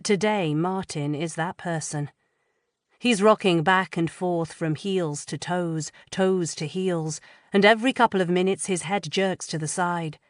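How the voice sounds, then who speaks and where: A woman reading a first-person psychological thriller audiobook in a measured, tense way. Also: fairly low pitch, dry recording, clean studio sound. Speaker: audiobook narrator.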